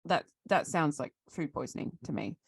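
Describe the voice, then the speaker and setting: Gravelly Australian woman telling a rant. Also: low voice, expressive, normal speed, dry recording, clean studio sound. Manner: ranting storyteller, acts out both sides of conversations. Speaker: podcast co-host. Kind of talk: casual chat.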